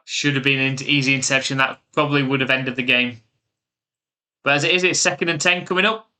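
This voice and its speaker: A man's voice: medium pitch, fairly even intonation, brisk, pushed and bright. A man with an English accent from the UK, giving live play-by-play commentary and chatting casually with stream viewers.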